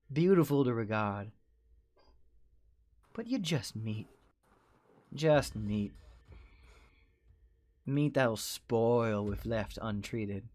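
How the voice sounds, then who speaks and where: A man voicing a cruel, possessive female boss who taunts and threatens in a sing-song way. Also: mid-range voice.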